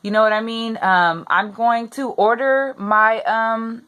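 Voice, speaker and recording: A woman's voice: a little high, fairly even intonation, slow pace, fairly bright tone, clear, resonant tone. A young pregnant woman venting her frustration in a personal rant to the camera, repeating herself as she gets upset. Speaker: vlogger.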